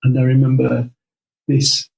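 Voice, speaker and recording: A man's voice: medium pitch, measured pace, gravelly, poor audio. A man who works as a coach, a guest on a podcast, telling a long story with lots of restarts and "she said". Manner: animated storyteller, quotes others with repeated "she said", frequent restarts.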